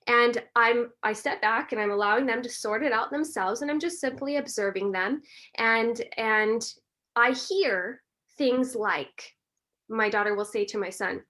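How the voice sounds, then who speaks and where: A woman, a breathwork and meditation teacher, talking earnestly and warmly as a podcast guest in a reflective, gently spiritual way. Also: a little high, measured pace. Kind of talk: reflective conversational talk.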